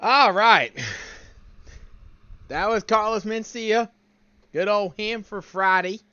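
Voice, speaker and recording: A man's voice: high voice, fairly even intonation, slow pace, pushed and bright, clear, resonant tone, no echo, highs cut off. A man hosting his live stream, chatting casually and setting up. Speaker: streamer host.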